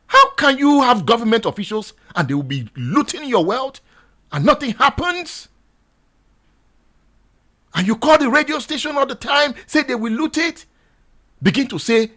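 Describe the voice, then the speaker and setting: A Nigerian radio host with a high, bright voice pleads and exhorts his audience. His pitch swings widely as he repeats his lines and builds to shouting. He speaks from a studio mic. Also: big pitch swings, fairly quick. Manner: exhorting, repetitive, rising to shouts. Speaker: radio talk show host. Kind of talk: impassioned radio monologue.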